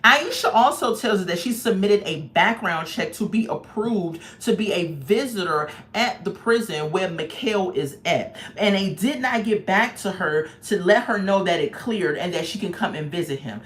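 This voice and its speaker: A woman's voice: medium pitch, moderate pace, few pauses. A woman speaking straight to her viewers in a loose, casual recap. She is blunt and emphatic, leans on slang, and tells the story with plenty of animation. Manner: animated storytelling, acts out people's voices. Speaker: YouTube reality-show reviewer. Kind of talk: casual chat.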